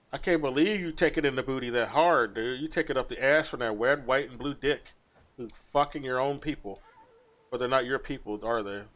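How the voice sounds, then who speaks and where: A man's voice: medium pitch, normal speed, long pauses, fairly bright tone. A young man ranting with crude, mocking commentary while reacting to a video on a stream. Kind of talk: casual profane commentary.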